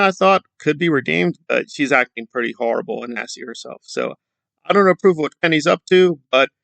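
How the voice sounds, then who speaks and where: A man's voice: medium pitch, vocal fry, a bit bright, no echo. A man giving sarcastic, lecturing commentary on his YouTube channel. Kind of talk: opinion commentary vlog.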